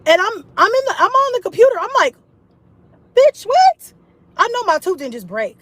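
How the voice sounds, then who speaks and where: A woman telling a personal story to her camera in a casual, animated way, with frequent swearing. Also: very high voice, fast talker, no room sound, rough recording. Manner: animated and profane, with laughs.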